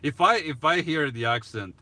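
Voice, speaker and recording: A man answering viewers' questions in a casual live stream, talking haltingly with restarts and soft chuckles. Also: fairly high pitch, expressive.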